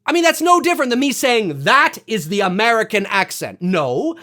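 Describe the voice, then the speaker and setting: A Canadian man with a higher-than-usual voice rants casually to his viewers, exasperated and animated. He swears now and then and keeps circling back with "you know" and "right?". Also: normal speed. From Canada, Toronto. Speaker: vlogger. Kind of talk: casual rant to camera.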